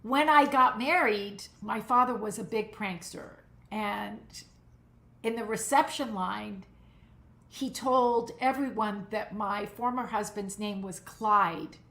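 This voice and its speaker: A woman in her sixties, a guest telling funny stories with animated, laughing energy. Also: mid-range voice, takes it slowly. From United States, Cuban community. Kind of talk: casual interview chat. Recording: roomy echo.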